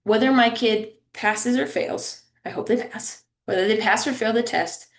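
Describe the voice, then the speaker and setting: Speaking at a moderate pace in a slightly high voice, a woman leads a family engagement webinar by video call from an echoey room. Her tone is friendly and conversational, and she often pauses to ask listeners "right?" or "okay?"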